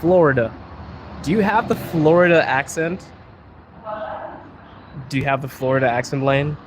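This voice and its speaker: A young Zimbabwean man with a slightly high voice speaks at a normal speed, live-streaming from a city street beside trains. He chats casually with viewers and laughs often, with outdoor street noise in the background.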